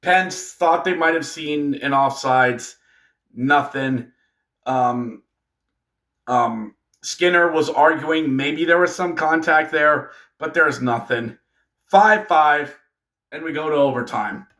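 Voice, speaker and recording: A man hosting a casual hockey recap video, animated and joking, talking straight to fellow fans. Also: on the high side, takes it slowly. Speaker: hockey fan video host. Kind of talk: casual game recap commentary.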